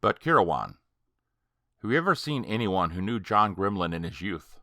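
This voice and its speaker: A man voicing a grave, hesitant male friend in an audiobook, speaking in a measured way. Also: low voice, big pitch swings, sharp tone, dry recording, clean studio sound, heavily acted. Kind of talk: audiobook character reading.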